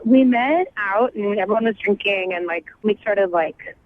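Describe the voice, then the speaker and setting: A woman's voice: medium pitch, normal speed, slight background noise. A woman calling in to a radio show, chatty and gushing, filling her talk with "like". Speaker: radio caller. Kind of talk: phone-in call. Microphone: telephone. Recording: tinny phone line.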